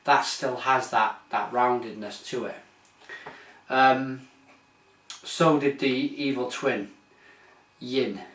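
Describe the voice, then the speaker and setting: A man's voice: mid-range voice, steady tone, slow, long pauses, a bit bright. Chatty British man in an echoey room. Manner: enthusiastic, rambling, with frequent restarts and repeats. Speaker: beer reviewer, channel host. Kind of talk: casual review vlog. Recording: echoey room, mic at a distance.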